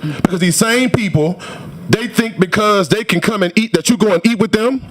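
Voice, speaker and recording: High-voiced man giving fiery testimony. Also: normal speed. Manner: forceful, emphatic, repeats phrases for effect. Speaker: public witness testifying at a state senate hearing. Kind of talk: impassioned public testimony. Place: legislative hearing room. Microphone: standing microphone at a podium.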